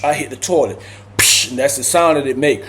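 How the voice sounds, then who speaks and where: A man telling a casual prison story in slangy, animated speech, acting out the people he quotes. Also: medium pitch, fairly quick.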